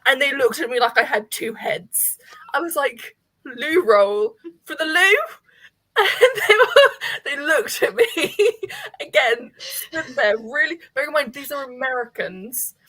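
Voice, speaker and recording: A woman's voice: high voice, very animated, a little slow, sharp tone. A woman from England telling a funny story in casual group chat, laughing as she goes.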